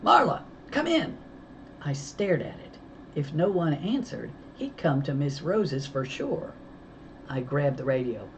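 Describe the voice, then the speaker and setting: A woman reading a children's novel aloud, telling it with lively storytelling. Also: sits low, a little slow, a little hiss or hum, low-quality recording. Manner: lively storytelling, voicing characters. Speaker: audiobook reader.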